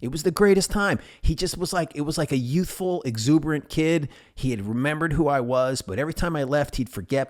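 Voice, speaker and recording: Lively man telling stories on a podcast. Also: mid-range voice, brisk. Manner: animated, acts out quoted voices. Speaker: podcast host. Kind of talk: casual podcast storytelling.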